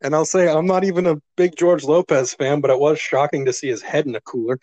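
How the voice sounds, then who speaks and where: A man co-hosting a podcast, chatting casually about a movie, relaxed, laughing often and swearing now and then. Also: a little high, fast, no room sound. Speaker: podcast co-host. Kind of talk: casual movie review chat.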